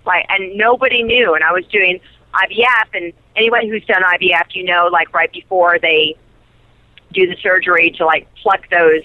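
A woman guest in a casual interview, an excitable storyteller who laughs and jumps high in pitch. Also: normal speed, no room sound, phone-quality sound. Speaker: interview guest, soap actress.

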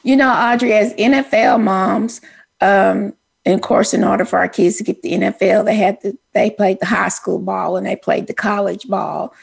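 A woman's voice: medium pitch, steady tone, normal speed, gravelly, breathy edge. A woman with a Texas accent, co-hosting a casual chat in a folksy storytelling way. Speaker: co-host.

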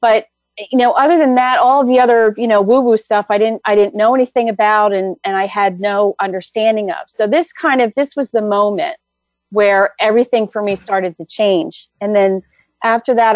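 A middle-aged woman guest telling her story in an animated, rambling way with many fillers. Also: mid-range voice, dry recording. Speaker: guest, energy healer. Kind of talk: casual interview storytelling.

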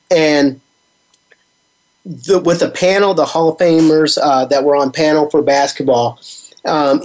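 A man's voice: fairly high pitch, darkish tone. Chatty man hosting a sports radio show. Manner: rambling, conversational, many fillers. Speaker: sports talk show host. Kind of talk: casual radio talk show monologue.

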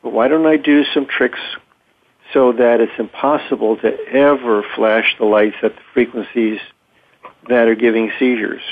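A man speaks in a middling voice, careful and unhurried, stopping often to find his words. The sound is thin and phone-like, as if heard over a narrow line. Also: medium pitch, steady tone. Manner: thoughtful, measured, with frequent ums and pauses. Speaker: interview guest, clinician. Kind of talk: conversational explanation. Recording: tinny phone-like audio.

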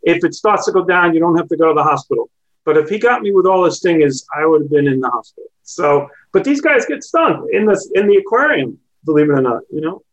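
A man with a high voice phones in to chat with a host. He tells his story loosely and keeps correcting himself partway through his sentences. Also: expressive, quick pace, dull audio. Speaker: caller.

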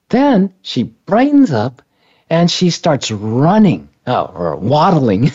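Mellow man rambling through a story. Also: fairly high pitch. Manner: rambling, many restarts and self-corrections. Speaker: guest telling a personal story. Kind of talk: conversational storytelling. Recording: dull lo-fi recording.

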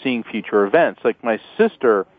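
A man's voice: mid-range voice, lively intonation, normal speed, breathy edge, dry recording. A middle-aged man, a guest attorney and author, telling stories earnestly with lots of fillers and restarts in a phone-in radio interview. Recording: tinny phone-line sound.

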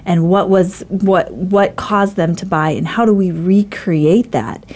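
Female host of a business chat, encouraging, with a warm, mellow voice. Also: lowish voice. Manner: encouraging, quick affirmations.

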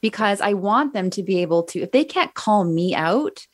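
A woman hosting a podcast, affirming her guest and thinking out loud about parenting. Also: medium pitch, expressive, moderate pace. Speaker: podcast host. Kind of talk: casual podcast conversation.

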